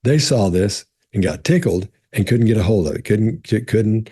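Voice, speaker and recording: A man with a low, dark voice and a husky edge talks casually as a body language expert answering questions. He is conversational and loose, repeating words as he restarts his thoughts. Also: lively intonation, normal speed. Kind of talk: casual explanatory talk.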